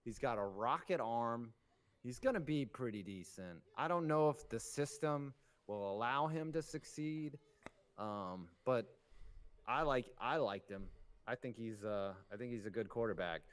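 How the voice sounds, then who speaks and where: A man's voice: mid-range voice, lively intonation, a little slow, clean tone. A man hosting a casual livestream, reading viewer donations aloud and joking between them. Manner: loose and jokey, laughing between reads. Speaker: host.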